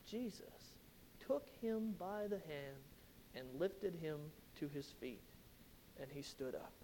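A man's voice: on the high side, lively intonation, slow pace, warm tone, a little hiss or hum. A man preaching an expository sermon, retelling a Bible passage with emphatic storytelling and rhetorical questions.

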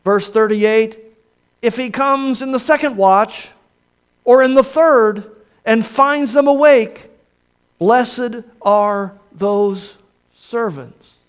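A man preaching a sermon, reading scripture and dwelling on key words with slow, emphatic phrasing that sinks soft at the ends. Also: extremely high pitch, smooth.

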